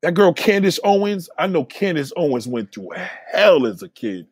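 Guy going off on a rant, cussing a lot, kinda husky, pitch jumping all over. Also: very animated, normal speed, no room sound. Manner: blunt and heated, swears a lot, repeats words. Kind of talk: casual opinionated rant.

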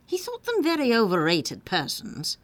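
A woman narrating a children's story in a playful, expressive reading. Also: fairly high pitch, moderate pace, dry recording.

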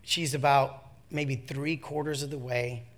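In a mid-range voice and at a slightly slow pace, a male preacher shares a humorous story about himself. His delivery jumps from whispered asides to shouts, and he laughs at his own expense.

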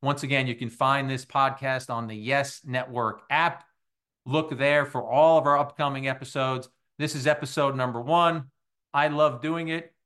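A man's voice: mid-range voice, moderate pace. Man hosting a sports podcast. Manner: animated storyteller, acts out quoted voices. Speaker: podcast host. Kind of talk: casual storytelling monologue.

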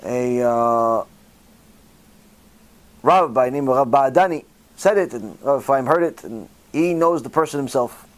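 A man, a religious teacher telling a story in an animated way and acting out the dialogue, with frequent "uh" fillers. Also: mid-range voice, measured pace, pauses often. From Israel. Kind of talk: storytelling Torah talk.

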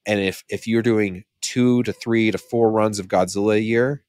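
A man with a fairly low voice co-hosts a casual podcast. He rambles through figures, restarts and corrects himself as he goes. The sound is dry and close, with no room around it. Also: fairly even intonation, normal speed, a little mellow, no room sound. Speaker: podcast co-host. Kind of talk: casual chat.

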